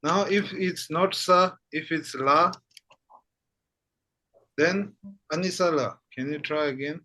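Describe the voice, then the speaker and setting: A man's voice: a little high, slow pace, bright, forceful tone. A man teaching a language lesson patiently, checking understanding with frequent questions. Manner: patient, repeats "okay?" often.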